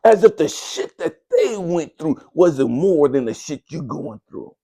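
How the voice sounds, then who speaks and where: Gravelly, fiercely scolding man. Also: on the high side, sing-song, measured pace, dark tone. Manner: fierce, profane, preacher-like scolding. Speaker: spiritual coach and mentor. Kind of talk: impassioned motivational monologue.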